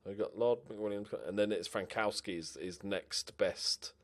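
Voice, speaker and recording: A young man giving casual, animated commentary on his own game play, muttering to himself and swearing now and then. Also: on the low side, unhurried. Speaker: gaming commentator.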